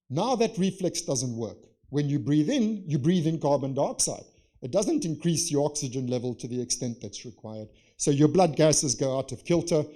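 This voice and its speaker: A man giving an academic conference lecture, lively, posing rhetorical questions and acting out examples. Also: fairly high pitch. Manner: lively, poses rhetorical questions and acts out scenarios. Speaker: conference speaker. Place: conference session.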